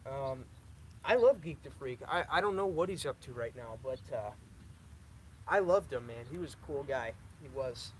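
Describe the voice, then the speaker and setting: A man's voice: mid-range voice, animated, moderate pace, a little hiss or hum, poor audio. A young man hosting a live stream, reading viewer questions aloud and answering them in a casual, repetitive way that stutters now and then. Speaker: lawn care channel host.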